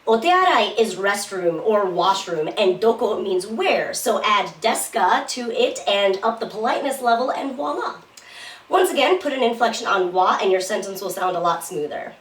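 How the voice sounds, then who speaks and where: A woman's voice: a little high, echoey room, recorded from a distance. A young woman hosting a casual, playful Japanese lesson, moving easily between English and Japanese. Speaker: Japanese language teacher, host.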